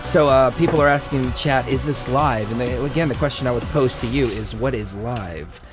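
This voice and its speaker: A man co-hosting a casual live stream, joking with chat, laughing often and reading a document aloud haltingly. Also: mid-range voice, over music. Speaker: livestream co-host.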